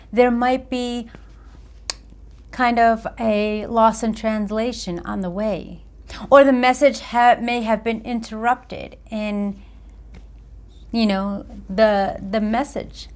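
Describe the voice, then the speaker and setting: With a medium-pitched voice, a female accountability coach addresses the camera in a motivational talk, choosing her words deliberately and stressing them emphatically.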